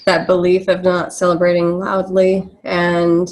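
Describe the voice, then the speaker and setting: A woman with a fairly low voice, joining a casual webinar chat about personal growth. She speaks softly and thoughtfully, easing into her points with small hesitations. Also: monotone, measured pace, low-quality recording. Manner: soft-spoken, thoughtful, hesitant. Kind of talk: casual spiritual discussion.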